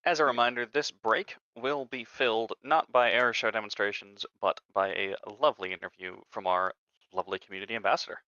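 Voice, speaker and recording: Fast bright-voiced male co-commentator. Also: fairly low pitch, steady tone, no echo. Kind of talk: live event commentary. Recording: dull, dry lo-fi mic.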